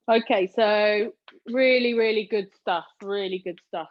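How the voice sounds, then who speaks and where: A woman's voice: mid-range voice, a little slow, muffled recording. A British woman leading a live online workout class, calling out reps and counting down as she cheers her students on. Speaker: fitness instructor.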